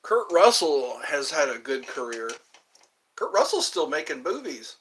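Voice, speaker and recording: An American man in his fifties hosts a live stream, rambling through asides and restarting his thoughts. His voice is on the high side, very animated, unhurried and a bit bright, and the recording quality is low.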